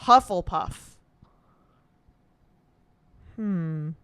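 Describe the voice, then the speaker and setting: A young woman chats to her viewers in a smooth, clear voice with lots of rise and fall. She talks casually and reacts as she goes, often swearing and laughing. The sound is dry and close, with no room in it. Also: fairly low pitch, lively intonation, drawn-out words, fairly bright tone, dry recording. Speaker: comedian doing a quiz on camera. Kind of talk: casual solo chat.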